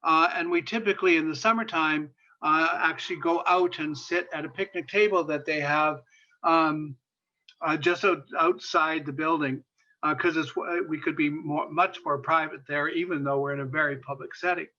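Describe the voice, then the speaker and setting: A man lectures as a guest speaker in a high, bright voice, telling a story with rising passion. He repeats words for emphasis and often stops on fillers. The recording sounds dull and lo-fi. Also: fairly even intonation, normal speed. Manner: impassioned, repeats phrases for emphasis, many fillers. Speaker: guest speaker on sexuality and disability.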